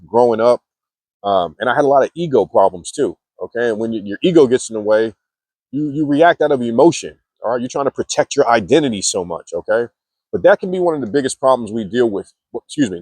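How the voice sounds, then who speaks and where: A man coaching others on self-improvement in an easygoing, conversational talk to camera, steadily checking in with "okay" and "man." His voice sits at an ordinary middle pitch. The sound is dry and close, with no room around it. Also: a little mellow, no room sound. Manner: conversational, many fillers like "okay" and "man", acts out quoted reactions. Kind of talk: casual motivational talk to camera.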